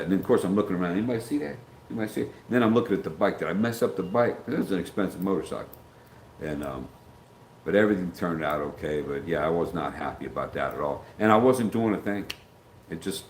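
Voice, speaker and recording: Middle-aged man, low voice, rambling livestream chat, roomy echo, faint background hum. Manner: rambling, greets chat viewers by name. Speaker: livestream host.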